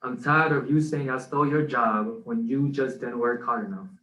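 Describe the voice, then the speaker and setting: A man's voice: mid-range voice, fairly even intonation, moderate pace, fairly bright tone, distant mic, highs cut off. A man co-hosting a podcast who recites his own spoken word poem in an earnest, rhythmic way. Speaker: co-host and spoken word poet. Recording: echoey room, off-mic.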